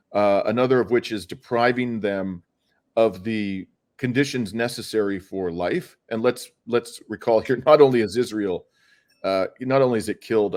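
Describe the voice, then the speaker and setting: Impassioned middle-aged man arguing a legal case. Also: lowish voice. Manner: earnest, frequent hesitations and restarts. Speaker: lawyer and activist guest. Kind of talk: impassioned interview answer.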